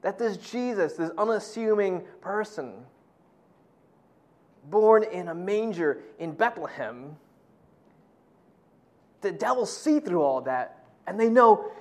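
Brief: male pastor, high voice, casual animated preaching with stories. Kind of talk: sermon.

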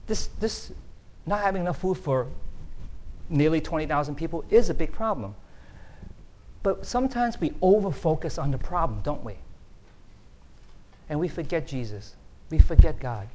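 A man's voice: a little high, expressive, normal speed, pauses often, mellow. A middle-aged man, preaching a conversational sermon that keeps checking in with the audience. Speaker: pastor.

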